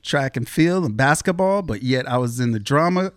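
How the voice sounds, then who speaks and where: A man's voice: medium pitch, normal speed, clear, resonant tone, no echo, clean studio sound. A man from the Pacific Northwest, a guest telling his life story in a rambling, casual way with many fillers. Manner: rambling, lots of fillers, animated when quoting others.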